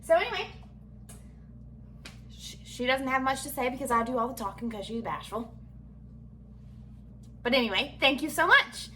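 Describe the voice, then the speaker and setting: High bright chatty woman. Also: lively intonation, normal speed, pauses often, a little hiss or hum. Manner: chatty, folksy, self-deprecating humor. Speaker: home cook vlogger and mother. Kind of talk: casual cooking vlog chat. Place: home kitchen.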